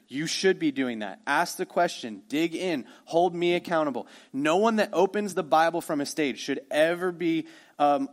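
A male pastor preaching a sermon in a conversational way, swinging from emphatic lines to hushed ones. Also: fairly high pitch.

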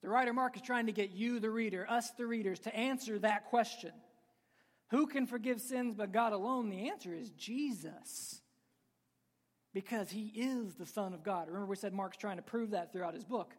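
A man's voice: high-pitched, moderate pace. A man preaching a sermon to a live congregation in a church, conversational and joking, with sudden emphatic bursts. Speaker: pastor. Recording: long reverb of a large hall.

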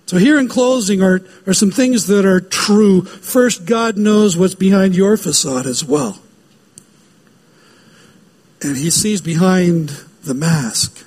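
A man's voice: sits high, slow pace, darkish tone, slightly rough. A man preaching a sermon as pastor, emphatic and given to repeating key phrases.

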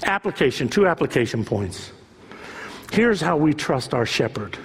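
A man's voice: a little high, sing-song, normal speed, breathy edge. A male pastor preaching an impassioned sermon, building at times to a raised voice. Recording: long reverb of a large hall.

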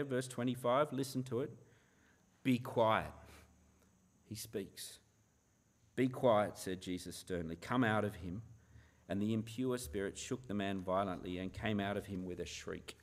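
A man, a pastor, preaching a sermon in an earnest manner, often asking the listeners rhetorical questions. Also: medium pitch.

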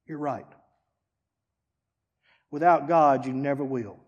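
A man preaching a sermon as pastor, dramatic, dropping to a hush and then rising to shouts. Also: medium pitch, slow, in a large hall, highs cut off. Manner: dramatic, swings from hushed to shouting.

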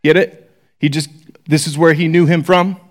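High-voiced man teaching Bible study. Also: normal speed. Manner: animated, reads scripture aloud with rising emphasis; chatty and informal, many asides to listeners.

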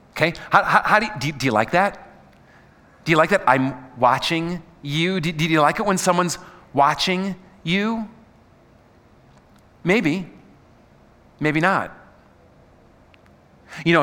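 A man's voice: a little high, bright, forceful tone, big-room sound. A middle-aged man preaching a conversational sermon, peppering the audience with questions and tripping over repeated words. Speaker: pastor.

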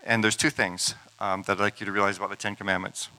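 A man's voice: on the low side, flat delivery, fast talker, bright, forceful tone, low-quality recording. A man preaching a sermon, retelling scripture stories in a conversational way with casual asides.

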